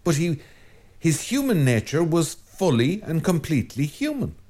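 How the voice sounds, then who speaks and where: An Irish priest giving a Sunday homily in a conversational, digressive way, repeating phrases for emphasis. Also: male voice, on the high side, sing-song, normal speed, a little mellow.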